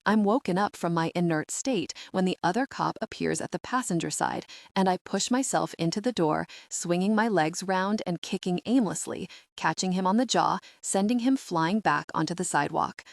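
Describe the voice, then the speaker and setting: Gravelly woman narrating an audiobook. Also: on the low side, normal speed, few pauses, dry recording, clean studio sound. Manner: dramatic, tense storytelling. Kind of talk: first-person audiobook narration.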